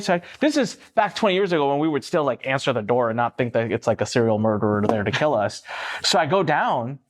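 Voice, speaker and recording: A man's voice: medium pitch, expressive, fast. A man in his forties, a guest entrepreneur, telling an anecdote casually and animatedly, swearing freely and acting out voices.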